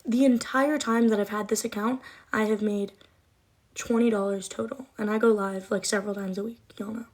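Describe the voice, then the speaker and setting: A woman's voice: medium pitch, fairly even intonation, moderate pace, a little mellow. A young woman chatting casually on a livestream, rambling, emotional and swearing often. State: cold, shivering.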